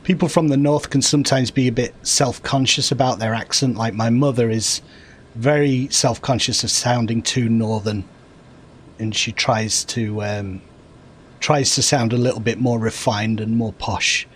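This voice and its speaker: A man's voice: medium pitch, fairly even intonation, normal speed, slight background noise. A man with a Yorkshire-Lancashire accent, rambling and thinking aloud in wry, joking gameplay chat. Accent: Yorkshire-Lancashire northern English. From north of England. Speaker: gaming streamer playing an online game. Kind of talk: casual gameplay commentary and chat.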